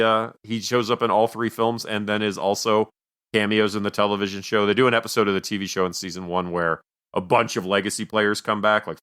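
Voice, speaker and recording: A man's voice: fairly low pitch, fairly bright tone, clear, resonant tone. A man co-hosting a film podcast, talking casually and rambling with self-mocking jokes. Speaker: podcast co-host. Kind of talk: casual film review chat.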